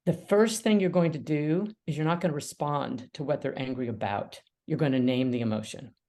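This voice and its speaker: A middle-aged woman with a fairly low voice speaks as a guest on a podcast, animated and quick to laugh. She often slips into little acted-out exchanges to make her points. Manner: animated, laughs often, acts out quoted dialogue. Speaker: mediator and author, podcast guest. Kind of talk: conversational interview.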